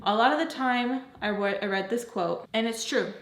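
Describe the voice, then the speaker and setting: A woman's voice: a little high, moderate pace. A young woman telling a personal story to camera in a chatty, profane way, full of "like" fillers. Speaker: beauty and story-time YouTuber. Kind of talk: casual story-time monologue. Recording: roomy echo.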